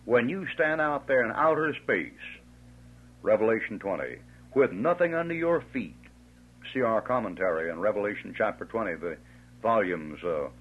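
A man's voice: fairly low pitch, lively intonation, moderate pace, husky. A man preaching a fiery sermon, emphatic and scornful, stretching out his stressed words. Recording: tinny lo-fi old tape.

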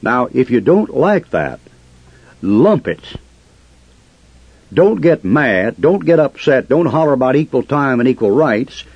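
A man's voice: medium pitch, sing-song, measured pace, long pauses, husky, dry recording. Combative preacher man, muffled dry recording. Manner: combative, preaching with rhetorical questions. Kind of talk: fiery sermon.

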